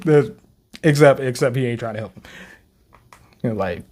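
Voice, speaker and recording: A man hosting a casual manga reaction, talking in an animated, slangy way and laughing often. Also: mid-range voice, measured pace, pauses often.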